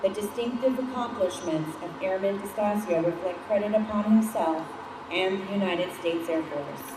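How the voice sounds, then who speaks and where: A woman presents a military award ceremony in a measured, official voice. She sounds a little distant from the microphone, in a roomy, echoey space. A steady hiss of background noise sits under her words. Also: mid-range voice. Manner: measured, formal reading. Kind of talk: formal ceremony narration.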